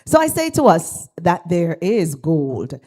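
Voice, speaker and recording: A Jamaican woman pastor giving a lively speech at an awards ceremony in a church, drawing the audience into call and response. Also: on the low side, slow. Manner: animated, engages the audience, asks for call and response. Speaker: guest speaker, pastor. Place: church hall.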